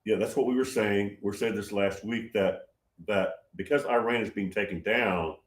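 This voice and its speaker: A man's voice: on the low side, moderate pace, reverberant. A man hosting a prophetic livestream, talking casually and reading viewer comments, rambling and repeating himself with emphasis.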